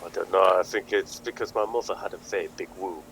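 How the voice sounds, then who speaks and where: A man's voice: low-pitched, steady tone, quick pace, a bit bright, slight background noise. A man voicing a brusque male snake-person clan boss in a tabletop game. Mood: casual.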